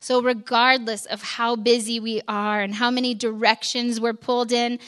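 Bright-voiced woman preaching a sermon. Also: on the high side, little pitch movement, normal speed, clear, resonant tone. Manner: conversational storytelling, acts out scenes. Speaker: pastor's wife preaching.

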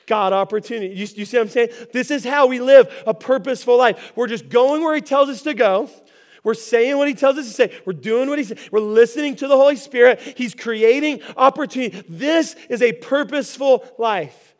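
A man preaching a sermon, earnest and repetitive, building to emphatic shouted lines. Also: very high-pitched, a little fast. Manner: earnest preaching, repeats phrases, rises to shouts. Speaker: pastor.

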